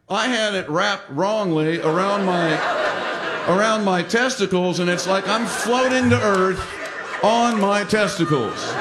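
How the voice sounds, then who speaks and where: High-voiced man telling a comic story. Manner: animated, self-mocking, acts out quotes. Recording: roomy hall with audience laughter.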